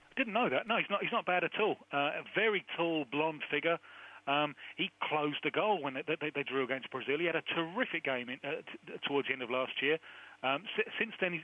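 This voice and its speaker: Phone guest, man, higher voice, tinny line, stop-start answers. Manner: halting, repeats words. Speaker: South American football expert guest.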